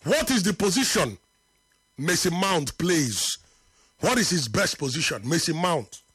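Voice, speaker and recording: Emphatic man, high voice. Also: big pitch swings, fairly bright tone, husky, no room sound, studio quality. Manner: emphatic, repeats points for effect, drops to low slow tones. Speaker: football talk show host. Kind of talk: live football debate and reading viewer comments.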